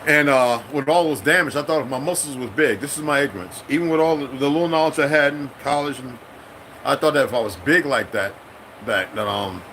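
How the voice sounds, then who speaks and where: A middle-aged military veteran talking in a casual, rambling monologue, profane and streetwise, breaking into sudden high-pitched bursts. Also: male voice, brisk, a bit bright, a little hiss or hum, low-quality recording.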